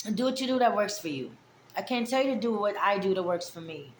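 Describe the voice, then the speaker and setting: A woman's voice: mid-range voice, expressive, fast, a little hiss or hum. Roomy-sounding woman in her forties venting. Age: 40s. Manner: candid, rambling and affectionate. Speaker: vlogger. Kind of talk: casual heartfelt vlog monologue.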